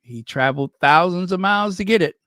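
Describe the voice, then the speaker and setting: A man with a fairly high voice talks in a casual, sarcastic way, piling on rhetorical questions and wry asides. The sound is close and dry, with no room around it. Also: brisk, sharp tone, clean tone, no echo. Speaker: commentator. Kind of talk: casual chat.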